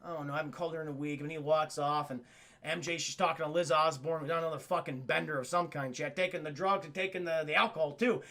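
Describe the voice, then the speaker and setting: A man live-streaming to his chat, excitedly recapping a cartoon episode, swearing often and acting out the characters' lines. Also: fairly high pitch, fast.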